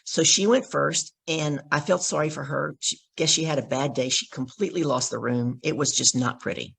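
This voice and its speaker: A middle-aged woman, a guest on a podcast, telling an animated story and acting out the dialogue in it. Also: deep voice, moderate pace, creaky, breathy edge. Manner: acts out the dialogue in her stories. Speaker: podcast guest, professional speaker.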